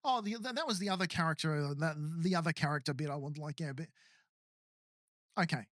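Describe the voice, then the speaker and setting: A man's voice: fairly high pitch, fast talker, fairly bright tone, no echo, studio quality. A man co-hosting a podcast in casual chat, rambling with lots of fillers. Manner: rambling, filler-heavy, laughs often. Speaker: podcast co-host.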